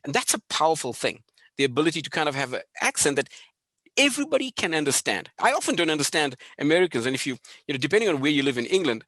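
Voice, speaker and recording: A man's voice: a little high, sing-song, a bit bright, dry recording. Man, South African accent, webinar guest, dry close sound, enthusiastic. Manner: enthusiastic, listing points rapidly. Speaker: guest speaker. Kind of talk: webinar conversation. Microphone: video call.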